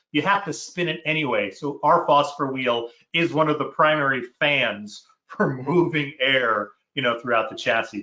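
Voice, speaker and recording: A man explains technical details in a casual chat, measured and dotted with fillers. His voice is bright and forceful, with a roomy echo around it. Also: medium pitch. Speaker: product manager.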